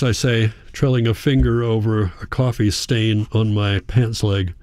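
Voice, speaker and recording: A man reading a first-person story in a quiet, measured narration. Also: lowish voice, steady tone, dry recording. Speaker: audiobook narrator.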